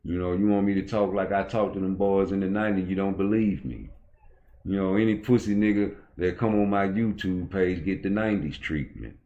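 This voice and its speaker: A middle-aged man with a very low, deep voice, ranting on his own channel. He is blunt and profane, and his talk runs heated and loose. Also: brisk, dark tone, dull audio. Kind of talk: casual opinion rant.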